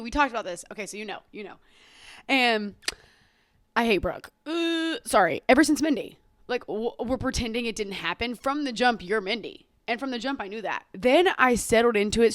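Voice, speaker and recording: A woman's voice: mid-range voice, no room sound, studio quality. A woman in her twenties hosting a casual solo podcast, rambling, swearing freely and gushing about pop culture, often laughing and apologizing. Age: 20s. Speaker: podcast host.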